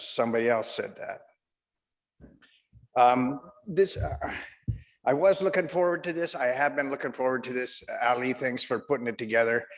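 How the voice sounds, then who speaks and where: A man's voice: medium pitch, big-room sound. A man with a Canadian accent doing chatty, self-mocking stand-up comedy as host of an online show over a video call.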